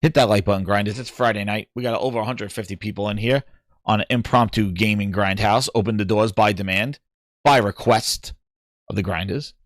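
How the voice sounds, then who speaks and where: A man with a New York accent hosting a casual gaming livestream, animated and jokey, repeating words for emphasis. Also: on the low side, brisk, no echo, clean studio sound. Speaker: livestream host.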